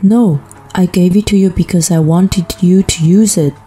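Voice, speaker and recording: A woman voicing a kind, quiet, reclusive brother-in-law who speaks gently and politely. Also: lowish voice, steady tone, normal speed, lightly acted. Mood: gentle.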